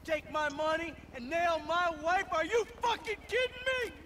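An actor playing a hot-tempered middle-aged ex-criminal husband who swears and shouts threats. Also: male voice, very high-pitched, expressive, normal speed, slight background noise, exaggerated voice. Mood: bitter, raging.

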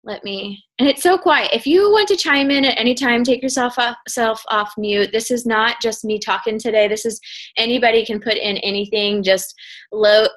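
A woman coach leading a video call, chatty and energetic, rambling with fillers. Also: a little high, normal speed. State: out of breath. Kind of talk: casual call chat. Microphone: computer mic on a video call.

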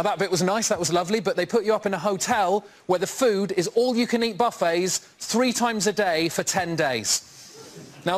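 A man doing a self-deprecating stand-up routine in a TV studio, rising to shouts on punchlines. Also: high-pitched. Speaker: comedian guest. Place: TV studio with audience. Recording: loud background noise.

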